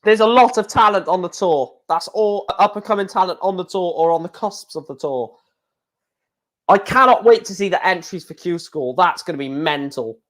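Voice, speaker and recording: A man hosting a casual live stream and reacting to darts as it happens. He is chatty, talks straight to his viewers, and gets excited. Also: high voice, normal speed. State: hiccuping.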